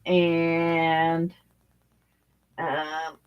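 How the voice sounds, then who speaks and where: An older woman with a low, smooth, monotone voice and drawn-out words chats casually about her crochet while she works. In this dull lo-fi home recording, the crochet vlogger rambles and thinks aloud with fillers.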